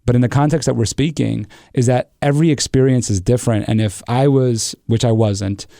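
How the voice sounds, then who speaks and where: A man's voice: medium pitch, fairly even intonation, a little fast, vocal fry, mellow, dry recording, clean studio sound. A man hosting a podcast, reflective, thinking aloud as he talks through ideas. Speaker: podcast host. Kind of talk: conversational interview.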